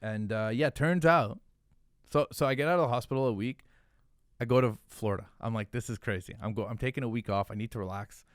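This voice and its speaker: A man's voice: medium pitch, fairly quick, dry recording, studio quality. A man telling a story as a podcast guest, casual and profane, with lots of "like" fillers. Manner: animated, profane, filler-heavy, "like" every few words.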